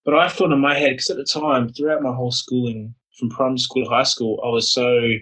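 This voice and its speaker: Bright husky young man. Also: mid-range voice, brisk, recorded from a distance, rough recording. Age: young adult. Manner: animated, swears freely, acts out quotes. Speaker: podcast co-host. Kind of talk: casual storytelling chat.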